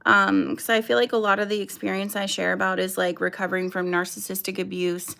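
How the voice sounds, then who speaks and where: A woman's voice: mid-range voice, little pitch movement, a little fast, creaky, pushed and bright. A woman in her thirties hosting her first casual livestream, chatting nervously and apologetically with lots of fillers while greeting viewers. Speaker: livestream host.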